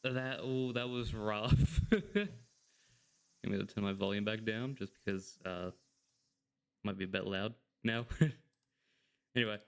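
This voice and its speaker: A man's voice: fairly low pitch, fairly even intonation, a little slow, gravelly, long pauses, clean tone. Joking, sarcastic let's-play guy. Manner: joking and sarcastic, laughs often. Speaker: gameplay commentator. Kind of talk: casual let's-play commentary.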